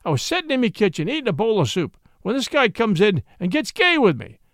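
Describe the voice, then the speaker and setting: A man voicing a brash, blustering middle-aged saloon keeper who tells a tall tale in rough slang. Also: sits high, sing-song, brisk, a bit bright, dry recording, clean studio sound. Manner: blustering, indignant, colloquial.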